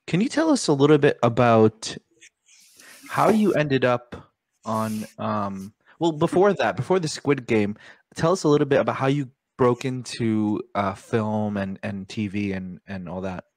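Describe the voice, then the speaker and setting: A man's voice: mid-range voice, lively intonation, measured pace, no room sound. A man hosting a podcast, asking interview questions in a hesitant way, searching for words. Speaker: podcast host.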